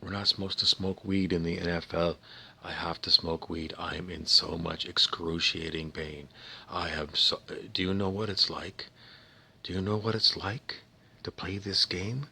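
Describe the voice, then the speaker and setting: A battered male football player, defiant and in pain, as a man acts him out. His voice is low and forceful, strained and pleading, and it sometimes sinks to a hushed whisper. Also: level tone, normal speed, creaky, slightly rough, exaggerated voice.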